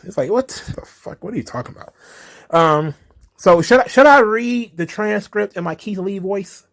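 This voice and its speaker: A high-pitched, creaky male voice at normal speed. He hosts a wrestling commentary podcast and talks casually in an animated way, swearing frequently and laughing often.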